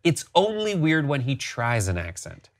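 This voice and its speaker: A man's voice: medium pitch, huge pitch swings, normal speed. A man co-hosting a casual pop-culture discussion, easygoing with a wry, dry humor. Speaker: co-host.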